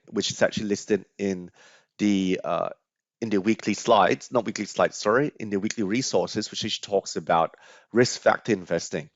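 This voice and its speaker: A man's voice: lowish voice, dry recording. A man lecturing on finance over slides, explaining step by step with frequent fillers and restarts. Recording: dry, slightly dull lo-fi audio.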